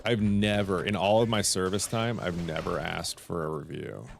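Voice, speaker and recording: Male streamer, low-pitched, chatty storyteller who acts out his phone calls, faint hiss behind. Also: steady tone, moderate pace, creaky. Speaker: Twitch streamer. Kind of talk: casual stream chat.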